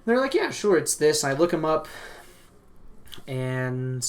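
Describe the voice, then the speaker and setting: A man's voice: a little high, takes it slowly. Man telling a profane story. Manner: profane, animated anecdote telling. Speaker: podcast host. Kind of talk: casual storytelling.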